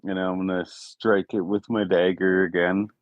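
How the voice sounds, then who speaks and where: A man's voice: deep voice, little pitch movement, moderate pace, no room sound. A man playing in a tabletop game, casually declaring his character's actions. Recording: thin phone-like call line.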